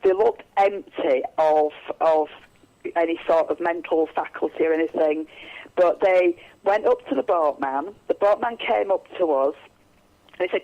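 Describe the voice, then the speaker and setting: A woman's voice: on the low side, a little slow, highs cut off. A woman, a psychic medium, telling stories in a radio interview, rambling with many restarts and fillers.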